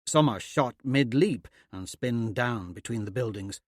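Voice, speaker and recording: A man narrating a fantasy audiobook in a steady, measured way. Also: medium pitch, no echo, studio quality. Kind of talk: scripted narration.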